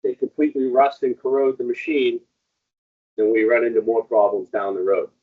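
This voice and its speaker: A man's voice: medium pitch, steady tone, normal speed, slightly rough, narrow, tinny audio. A man giving hands-on equipment training in a casual, rambling way, with frequent ums.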